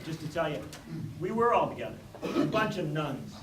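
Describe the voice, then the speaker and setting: A man giving an impassioned speech, moving between hushed storytelling and loud rallying cries. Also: on the high side, very animated, moderate pace. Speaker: keynote speaker. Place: large hall with audience. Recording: echoey hall from far off, crowd and noise.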